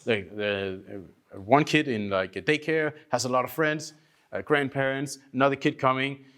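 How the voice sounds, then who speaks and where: A man from Denmark giving a workshop talk, telling lively stories, acting out other people's voices and swearing casually. He says he is short on sleep. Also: mid-range voice, moderate pace. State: tired from lack of sleep. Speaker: workshop speaker.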